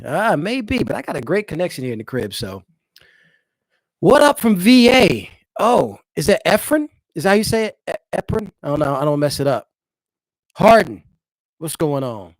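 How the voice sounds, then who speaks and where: A married father from the eastern United States runs a relaxed home livestream, talking directly and loosely to viewers. His voice is on the high side, and the recording is dry.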